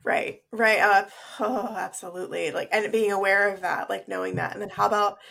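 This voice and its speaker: A woman's voice: mid-range voice, level tone, fairly quick, creaky, fairly bright tone. A woman co-hosting a podcast with a nasal voice, chatting casually and affirming her co-host. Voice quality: nasal today. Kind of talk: casual chat.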